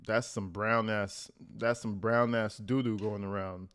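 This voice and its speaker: A man's voice: lowish voice, fairly even intonation, unhurried, a bit bright, clear, resonant tone. Crude joking male reaction commentator. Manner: profane, jokey, acts out voices of others. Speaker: commentator reacting to news clips.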